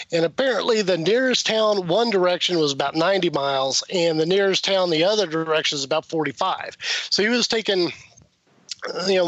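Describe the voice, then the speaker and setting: A man's voice: high voice, dry recording. A man, a guest on a podcast, telling a long story in a casual way, laughing as he goes and acting out the people he quotes. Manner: animated, laughs while telling, acts out quoted voices. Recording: slightly muffled dry podcast recording.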